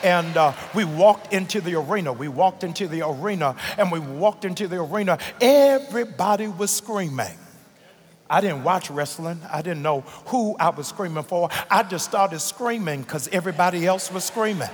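Male pastor, high voice, preaching in a big reverberant church, music under him; teaching builds to shouting. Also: lively intonation, moderate pace, breathy edge. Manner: frequent "uh" fillers and "here it is" asides. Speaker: senior pastor. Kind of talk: sermon. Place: large church sanctuary.

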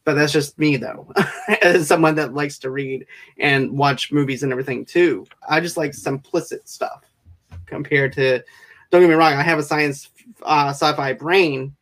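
A man hosting a casual interview, talking in quick, enthusiastic bursts and often speeding up. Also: on the high side, steady tone, fairly bright tone. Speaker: interview host.

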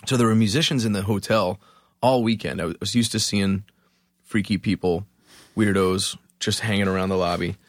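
A man from Philadelphia, a musician guest on a podcast, telling a story in an animated, profane, self-mocking way. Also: on the low side, normal speed, no room sound, clean studio sound.

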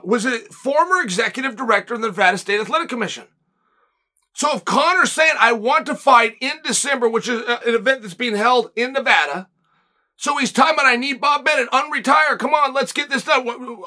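This man hosts his own show in an extremely high-pitched, pushed and bright voice. Emphatic and blunt, he delivers opinionated commentary and shoots out rapid rhetorical questions.

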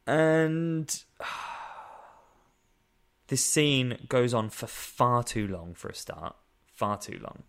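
A man's voice: mid-range voice, expressive, very slow, pauses often, a bit bright, smooth. A man co-hosting a casual chat, wry and exasperated, often laughing as he talks. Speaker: podcast co-host. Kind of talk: casual chat reviewing a film.

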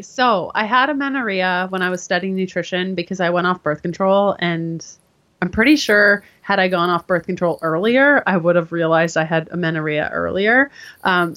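A woman guest in an interview, telling her story in a casual, animated way and acting out what others said to her. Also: lowish voice, normal speed. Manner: animated, acts out quoted voices. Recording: dull lo-fi sound.

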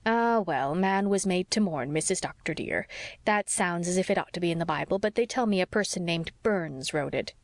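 A woman's voice: lowish voice, expressive, normal speed, no room sound. A woman voicing a fussy old-fashioned housekeeper. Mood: fretful. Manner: homely, old-fashioned fretting.

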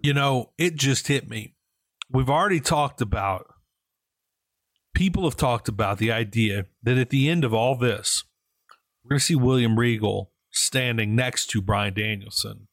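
A man's voice: mid-range voice, a little slow, dry recording. A man co-hosting a casual wrestling podcast, speaking with emphatic enthusiasm. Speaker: podcast co-host.

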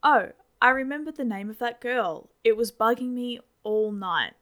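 A woman's voice: on the high side, moderate pace, fairly bright tone, close to an everyday voice. A woman reading the lines of a cheerful, mischievous middle-aged father. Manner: chatty, mischievous.

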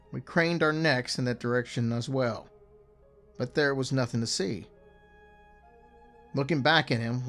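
An older man telling a first-person story in a calm, measured way, softening his voice on eerie details. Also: medium pitch. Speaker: narrator. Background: faint music.

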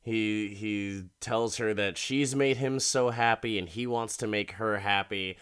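A man recapping a TV episode in loose, rambling casual chat, swearing and laughing as he goes. His voice is bright and forceful with a smooth, clear tone, set a little low in pitch. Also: fairly even intonation, unhurried.

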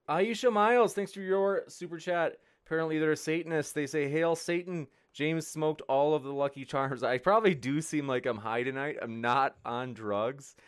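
Male stream host, young, giggly and scattered, reads donations aloud; a touch high. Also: a bit bright, clear, resonant tone. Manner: giggly, scattered, laughing between lines. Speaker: debate moderator and livestream host. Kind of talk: casual livestream chat, reading super chats.

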